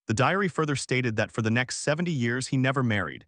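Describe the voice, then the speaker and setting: A man's voice: mid-range voice, expressive, fast talker, a bit bright, no room sound. A man narrating a story recap in the first person, reading steadily and voicing the quoted dialogue.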